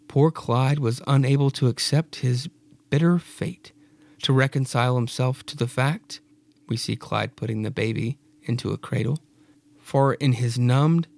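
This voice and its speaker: A man hosting a podcast, retelling a horror comic with a raspy voice and wry, jokey asides. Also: mid-range voice, a little mellow, no room sound. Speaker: podcast host.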